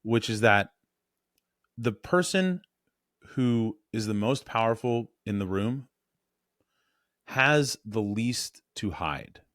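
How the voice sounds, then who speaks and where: A man coaching on voice and presence in a blunt, animated, casual way, correcting himself as he goes. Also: on the low side, slow, long pauses, no echo, clean studio sound.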